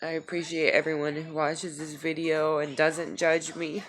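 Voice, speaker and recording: A woman tearfully talking in a personal video journal, halting and soft-spoken. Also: sits low, little pitch movement, slight background noise. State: crying. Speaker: vlogger.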